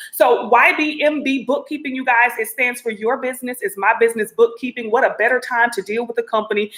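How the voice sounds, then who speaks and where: A woman's voice: fairly high pitch, fairly bright tone, poor audio. A woman hosting her own talk show, chatting casually to her viewers with frequent repeated asides. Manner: chatty, repetitive asides to the audience.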